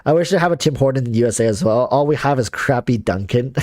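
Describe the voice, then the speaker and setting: A man's voice: mid-range voice, animated, fast talker, darkish tone, no echo, studio quality. A man chatting casually on a livestream, rambling with lots of fillers and restarts, reading viewer comments. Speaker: streamer.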